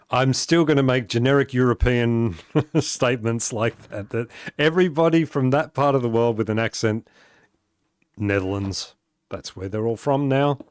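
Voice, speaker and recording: Aussie guy gaming on stream, chatty and laughy, mid pitch, dry close sound. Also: dry recording. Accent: Australian. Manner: chatty, laughs often, answers chat. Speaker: live streamer. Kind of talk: casual gaming stream chat.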